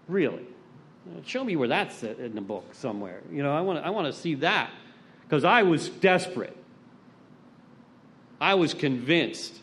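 A man's voice: a little high, very animated, a little slow, pauses often, a bit bright. A middle-aged man giving a personal recovery talk at a meeting. He tells stories bluntly, with some swearing, and acts out the voices of people he quotes. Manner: blunt, profane storytelling.

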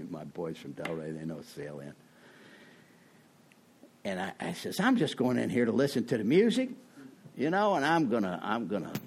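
A middle-aged man telling his own recovery story in a meeting, self-mocking, with sudden loud high bursts. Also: a little hiss or hum. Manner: self-mocking, laughs at himself. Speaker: recovering alcoholic speaker.

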